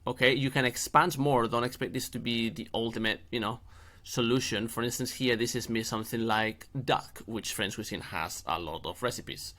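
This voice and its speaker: A man's voice: mid-range voice, normal speed, pushed and bright. A middle-aged man hosting a screen-share tutorial, chatty and jokey with playful asides. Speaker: SEO channel host.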